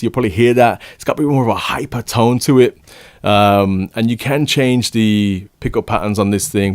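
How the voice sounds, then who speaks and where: A man's voice: lowish voice, no room sound. A young man casually reviewing microphones at home, talking close into a condenser mic with enthusiastic, rambling chatter. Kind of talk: casual gear review talk. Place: home recording setup. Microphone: large condenser studio mic, close.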